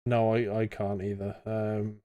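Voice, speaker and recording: A young man with a southern English accent chats as a podcast host, his voice low and smooth. He reads out viewer questions in a loose, rambling way, full of "um"s and restarts. The sound is dry and close. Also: level tone, unhurried, mellow, no echo. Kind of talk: casual live-stream podcast chat.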